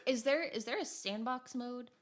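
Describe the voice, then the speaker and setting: A woman's voice: a little high, normal speed. A woman co-hosting a podcast in casual chat, asking questions and laughing often. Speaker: podcast co-host.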